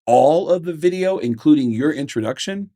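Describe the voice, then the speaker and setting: A man's voice: a little high, moderate pace, no room sound, studio quality. A middle-aged man, a comedian co-hosting a podcast, telling stories in casual chat and acting out what people said. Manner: animated storyteller, acts out quotes. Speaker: podcast co-host.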